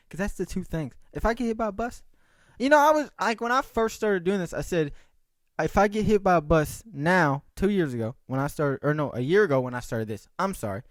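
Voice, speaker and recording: A young man's high-sitting voice comes through clean studio sound in a dry recording. He's hosting a casual solo podcast, rambling on with swearing, jokes, and plenty of animation.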